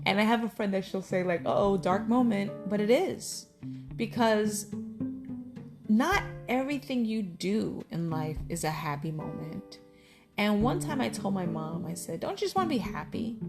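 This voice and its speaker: A woman's voice: medium pitch, animated, measured pace, music in the background. A middle-aged woman vlogging about her life in a candid, heartfelt, rambling way. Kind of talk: casual personal talk to camera.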